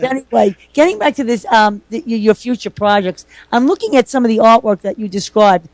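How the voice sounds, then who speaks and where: A woman hosting a radio interview in a studio, chatty and quick with her questions. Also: on the high side, expressive, darkish tone. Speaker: radio host.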